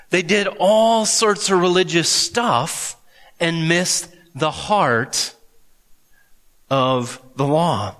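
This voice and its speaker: Pastor, male, slow deliberate sermon delivery, bright tone, long hall reverb. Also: sits high. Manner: earnest, emphatic preaching with dramatic pauses.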